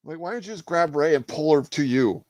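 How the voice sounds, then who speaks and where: A man chatting casually on a livestream, animated and swearing, acting out film scenes with laughter. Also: on the high side, no echo. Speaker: streamer.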